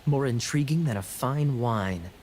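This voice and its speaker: An actor playing a sly, amused male knight captain in a video game, with smooth, playful teasing. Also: mid-range voice, lively intonation, unhurried, darkish tone, a little hiss or hum, close to an everyday voice.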